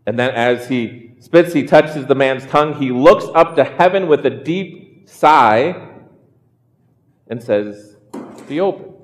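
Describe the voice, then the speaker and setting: Slow, earnest male preacher in a hall. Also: mid-range voice. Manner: earnest, repeats words while building a point. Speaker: pastor. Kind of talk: sermon.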